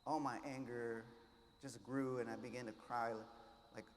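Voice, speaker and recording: A man giving an inspirational keynote, telling his story with hushed lows and loud surges, mixing in Spanish words. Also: little pitch movement, a little slow, slight background noise. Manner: passionate, swings between hushed and loud, drops Spanish words. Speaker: keynote speaker. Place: large conference hall. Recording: echoey hall, faint ambience.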